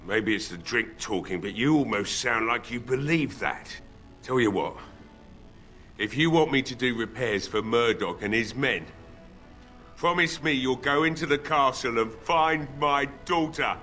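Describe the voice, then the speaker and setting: An actor playing a weary, bitter old village blacksmith who has been drinking heavily, gruff in manner. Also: male voice, mid-range voice, measured pace, bright, forceful tone, soft background music. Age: older. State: drunk. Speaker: game character.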